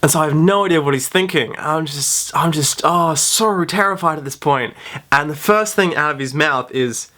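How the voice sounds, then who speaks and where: A man's voice: fairly high pitch, moderate pace, pushed and bright. A young man telling a funny school story to camera, chatty and self-mocking, with plenty of "like". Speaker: vlogger. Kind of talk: storytime vlog.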